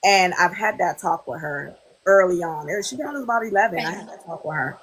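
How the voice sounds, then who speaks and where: A woman's voice: fairly low pitch, fast, breathy edge, poor audio. A woman in her thirties chatting as a podcast guest, telling stories and acting out quoted voices. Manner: animated storyteller, quoting others in lively voices. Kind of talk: casual podcast chat.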